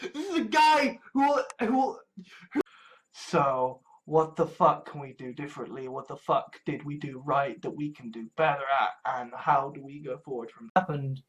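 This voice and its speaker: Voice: mid-range voice, moderate pace, poor audio. A video essayist delivering a casual, rambling monologue full of profanity and emphatic asides.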